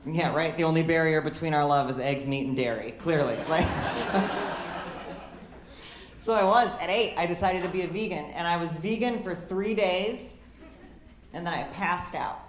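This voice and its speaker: A young woman from Illinois performing a stand-up set in a comedy club, telling stories with dry delivery and quick impressions of the people in them. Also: low voice. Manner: dry storytelling, quick animated impressions of others. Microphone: handheld stage mic. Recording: echoey club with audience noise.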